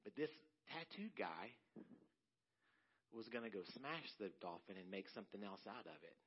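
A man with a low, husky voice delivers a sermon as a story. He acts out the conversations he describes. The recording sounds dull and lo-fi. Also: moderate pace. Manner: animated storytelling, acting out both sides of conversations. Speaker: pastor. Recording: dull lo-fi audio.

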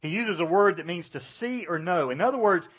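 A man's voice: on the high side, animated, moderate pace, husky. A man preaching a sermon as pastor, dramatically acting out the lines of the story's characters. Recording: dull, lo-fi church recording.

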